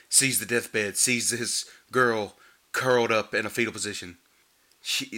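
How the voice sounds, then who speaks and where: Guy ranting sarcastically about a dumb horror movie, bright edgy voice, super animated. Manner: sarcastic, animated, mocks the acting with squeaky imitations. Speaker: movie reviewer. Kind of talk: comedic movie recap.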